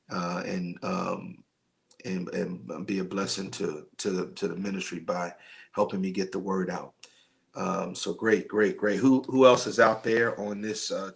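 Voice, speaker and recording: Slow, gravelly-voiced preacher on a livestream. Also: male voice, lowish voice. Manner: slow and rambling, many fillers, greets viewers by name. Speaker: pastor hosting a men's night livestream. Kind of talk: casual livestream talk and preaching.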